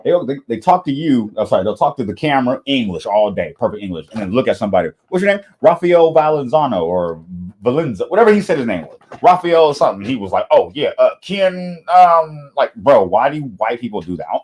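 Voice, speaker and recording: A man hosting a reaction video, talking in casual, animated, slangy commentary with frequent laughs and swearing. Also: medium pitch, fast, breathy edge.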